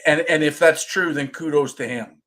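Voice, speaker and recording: A man hosting a casual conversation, speaking in a measured, hedging way with frequent restarts. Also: fairly high pitch, fairly bright tone. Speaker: podcast host.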